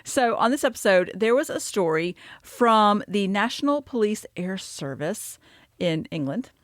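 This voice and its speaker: A woman's voice: mid-range voice, expressive, unhurried, dry recording, clean studio sound. A woman co-hosting a podcast, chatting casually with fillers and frequent laughs. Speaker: podcast co-host.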